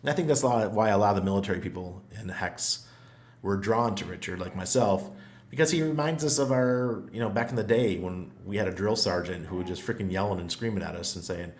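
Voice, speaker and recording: A middle-aged man with a hoarse voice, hosting a casual livestream, chatty and laughing often as he greets viewers. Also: fairly low pitch. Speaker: livestream host.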